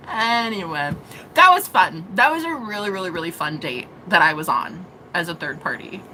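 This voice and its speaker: A woman's voice: fairly low pitch, sing-song, moderate pace, bright, forceful tone, a little hiss or hum. A woman, a psychic reader, telling a story in a casual vlog. She giggles a lot, talks animatedly and swears freely.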